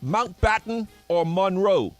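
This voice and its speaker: A man's voice: high voice, expressive, slow pace, soft background music. A man reading trivia questions and multiple-choice answers on a radio show in an upbeat way. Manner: upbeat, announces answers plainly.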